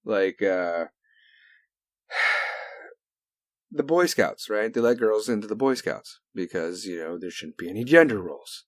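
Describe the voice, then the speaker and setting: A man hosting a solo talk show in a heated, profane rant that swings between loud outbursts and low mutters. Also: no room sound, studio quality. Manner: heavy cursing, heated. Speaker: podcast host.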